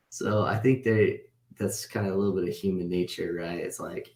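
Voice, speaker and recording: A man's voice: fairly low pitch, fairly even intonation, moderate pace, a little mellow. Man teaching an online class, roomy echo. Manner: conversational, tags points with "right?". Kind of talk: casual online class lecture. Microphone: video call.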